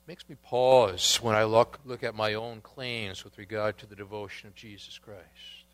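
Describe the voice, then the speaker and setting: A man preaching a sermon as pastor, reading scripture quotes aloud and moving between emphatic rises and quiet asides. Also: on the low side, level tone, normal speed.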